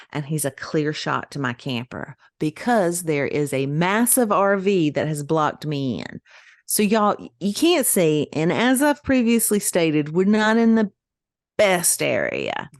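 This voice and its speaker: Middle-aged woman, podcast co-host, animated storyteller, slightly low voice, dry close sound. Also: measured pace, dry recording. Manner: animated, laughing, acts out quoted voices. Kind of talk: casual storytelling chat.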